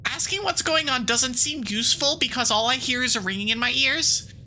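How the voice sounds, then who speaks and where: A woman streaming a game as a VTuber, chatting casually in a rambling, playful way full of quick asides and giggles, and reading the game's text aloud. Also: high voice, sharp tone, a little hiss or hum, poor audio.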